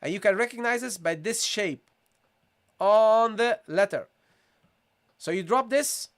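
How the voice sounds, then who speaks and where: Man, high voice, recitation teacher, live online lesson, patient, repeats himself. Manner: patient, repeats questions to viewers, models pronunciations slowly.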